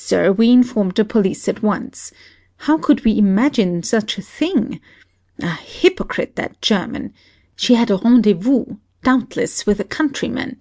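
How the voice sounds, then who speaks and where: A woman's voice: medium pitch, close to an everyday voice. A woman voicing a crowd of alarmed household servants who tattle and blame the governess. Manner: excited, tattling.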